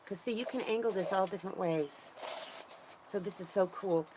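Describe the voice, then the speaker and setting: A woman hosting a casual livestream, chatting in a rambling way with lots of ums and restarts and greeting viewers brightly. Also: medium pitch, moderate pace, noisy background. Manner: bubbly, voice jumps up when greeting viewers. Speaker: homesteading channel host. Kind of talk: casual livestream chat, reading viewer comments.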